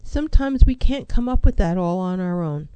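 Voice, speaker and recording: A woman's voice: lowish voice, animated, normal speed, mellow, clean tone, no echo, dull audio. A woman counselor giving an emphatic motivational talk on mental health, asking rhetorical questions and repeating key phrases.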